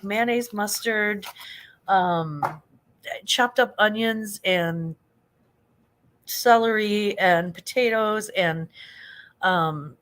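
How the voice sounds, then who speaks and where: A middle-aged woman rambles through a late-night livestream, chatting with viewers and reading their comments aloud. She laughs often and fills her talk with "um" and "like." Her voice sits at a middle pitch for a woman. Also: a bit bright. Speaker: livestream host.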